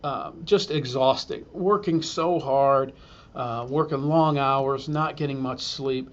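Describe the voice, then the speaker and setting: A man's voice: medium pitch, slow pace, muffled recording. A man, a school superintendent, telling a humorous self-deprecating story to an audience and acting out the quotes.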